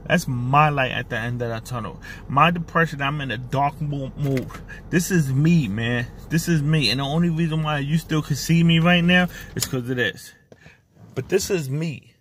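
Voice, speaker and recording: A man's voice: fairly high pitch, normal speed, fairly bright tone, slight background noise. Earnest man talking to camera. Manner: earnest, repetitive, emotional. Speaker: vlogger. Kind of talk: personal talk to camera. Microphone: camera mic.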